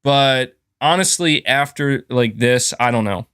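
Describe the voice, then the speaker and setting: A man's voice: medium pitch, unhurried, fairly bright tone, clean tone. A man hosts a live stream and rants heatedly about the news, swearing freely and reading out viewers' messages. His voice sits in a middle range and climbs when he gets fired up. The sound is dry and close, with no room echo. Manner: heated, ranting, profane. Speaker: livestream host. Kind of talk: live-stream commentary with chat readouts.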